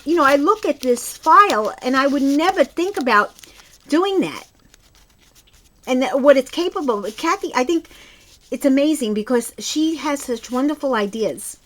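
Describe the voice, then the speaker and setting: Her voice sitting high with a fairly bright tone, a Brooklyn-accented crafting host enthusiastically presents her projects, rambling and occasionally restarting. A little hiss or hum runs under the recording.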